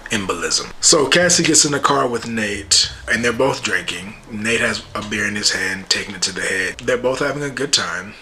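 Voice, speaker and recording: A man with a very bright, sharp voice recaps a TV episode in a loose, joking way. He is animated and exclamatory, and a faint hiss sits under his talk. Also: fairly low pitch, moderate pace, hardly any pauses. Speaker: YouTube TV reviewer. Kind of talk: casual episode recap and reaction.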